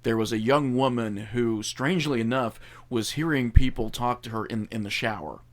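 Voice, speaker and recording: A man's voice: mid-range voice, moderate pace. Man hosting a paranormal chat show. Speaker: podcast host. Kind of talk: casual chat.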